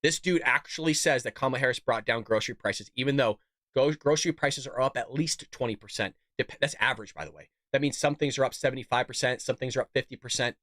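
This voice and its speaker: A man's voice: mid-range voice, fast, fairly bright tone, no room sound, studio quality. A male show host giving a sarcastic, indignant political rant, sick and coughing. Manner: sarcastic, indignant, rhetorical questions.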